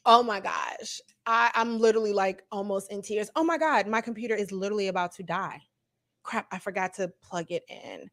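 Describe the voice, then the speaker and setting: A woman hosting a casual livestream, chatting to her viewers and reacting as she talks, animated and quick to laugh. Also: medium pitch. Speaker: livestream host.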